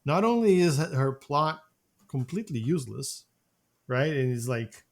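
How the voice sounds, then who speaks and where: A man co-hosting a film review podcast, talking casually with animated, halting restarts. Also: mid-range voice. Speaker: podcast co-host.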